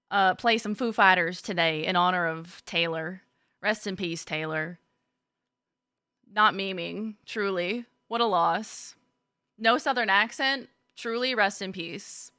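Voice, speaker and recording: A young woman streams a game and chats casually with viewers, greeting them by name and laughing a lot. Her mid-range voice is pushed and bright, clear and resonant. The recording is clean studio sound with no room ambience.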